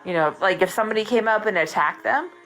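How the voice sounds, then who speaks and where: A woman hosting a live stream in casual chat, animated and emphatic, saying "dude" and "like" a lot. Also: medium pitch, fast talker, faint music behind, rough recording.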